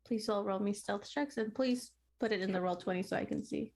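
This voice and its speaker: A woman acting as game master, narrating a tabletop game in a halting way, with many pauses and fillers. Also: medium pitch, darkish tone.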